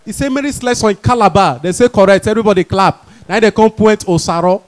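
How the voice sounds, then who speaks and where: High-voiced Nigerian stand-up comedian. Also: male voice, fast talker. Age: young adult. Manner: lively storytelling, voicing characters in jumps of pitch.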